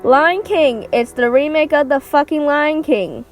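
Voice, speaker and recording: A woman's voice: high voice, unhurried, soft background music. A woman vlogger ranting through a casual movie review, sarcastic and swearing, acting out what characters say. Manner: sarcastic, swears, acts out quotes.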